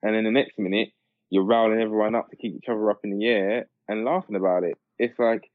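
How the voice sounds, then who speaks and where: A man with a lowish voice and fairly even intonation talks fast, co-hosting a podcast and chatting casually about football. He rambles, fills his speech with fillers and restarts, and laughs often. The line sounds tinny, like a phone, but carries no echo.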